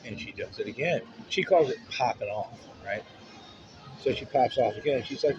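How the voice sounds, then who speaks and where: At a moderate pace, a male vlogger with a mid-range voice recounts something personal, frank and casual, with plenty of swearing. The sound is muffled, and the street around him is noisy.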